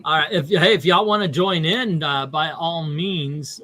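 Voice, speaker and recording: A man's voice: a little high, steady tone, normal speed, bright, forceful tone. A man hosting a casual comic book chat, laughing often and reading panels aloud. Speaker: comic book channel host.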